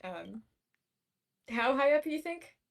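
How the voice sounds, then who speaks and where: A woman from the American South chats through a tabletop game session. Her voice sits a bit high and swings around a lot, and she giggles and stumbles over restarts as she works out her moves. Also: big pitch swings, measured pace, vocal fry. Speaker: player. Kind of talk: casual tabletop game play.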